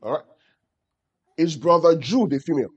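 A husky-voiced man delivering a teaching sermon to his congregation. His pitch sits a touch high and swings widely as he presses points home, stopping again and again to put questions to the room. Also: animated, moderate pace, lo-fi sound. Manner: calls out questions to the audience. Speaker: pastor.

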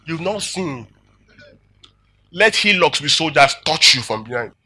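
Lively high-voiced preacher man. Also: a little slow, breathy edge. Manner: animated preaching, laughing often, asking the crowd "yeah?". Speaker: pastor. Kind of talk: sermon.

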